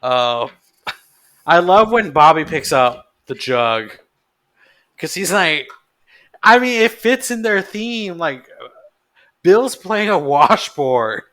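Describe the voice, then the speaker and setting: Male podcast co-host, bright tone, eager fan chatter. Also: on the high side, sing-song, slow, pauses often. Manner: enthusiastic, repeats that he loves things. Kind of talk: casual chat.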